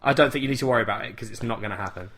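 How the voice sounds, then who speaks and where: A man's voice: mid-range voice, rapid-fire, fairly bright tone, slightly rough. A young man co-hosting a podcast, dryly teasing and exasperated in casual chat. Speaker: podcast co-host.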